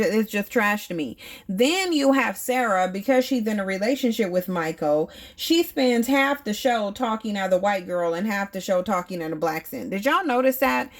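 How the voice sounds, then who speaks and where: A woman in her thirties gives her take on a reality show in a blunt, opinionated way. She presses her points and keeps throwing rhetorical questions at her viewers, at a middle pitch. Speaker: reality TV reviewer. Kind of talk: opinionated commentary.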